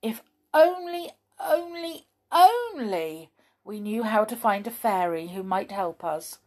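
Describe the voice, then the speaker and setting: A woman's voice: on the high side, very animated, a little slow, pitched above the performer's own voice, full character voice. A woman voicing an anxious young girl in a storybook reading, fretful and pleading. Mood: worried.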